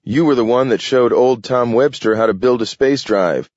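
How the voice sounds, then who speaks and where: A man playing a determined grown man who speaks briskly and insistently. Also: mid-range voice, darkish tone, dry recording, lo-fi sound, pitched above the performer's own voice, natural voice. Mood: earnest.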